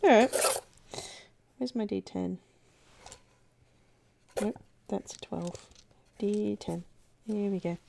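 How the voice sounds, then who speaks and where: A woman playing a tabletop role-playing game, narrating her character and rolling dice with an animated manner. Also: mid-range voice, slow pace, vocal fry, pauses often, a little hiss or hum. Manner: animated, laughing, self-correcting. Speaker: tabletop player.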